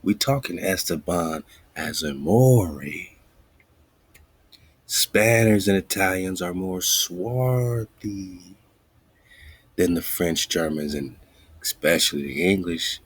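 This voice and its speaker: Slow, husky, deep-voiced male radio host. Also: no room sound. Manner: thinks aloud, mutters and whispers asides while searching; slow, drawn-out reading of quoted lines. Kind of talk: casual research talk, looking up words live.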